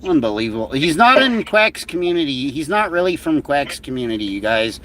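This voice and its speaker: A man's voice: fairly high pitch, sing-song, brisk, slight background noise. A man co-hosting a livestream in casual banter, swearing a lot and mocking someone. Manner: mocking, swears a lot, shouts mimicked lines. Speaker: livestream co-host.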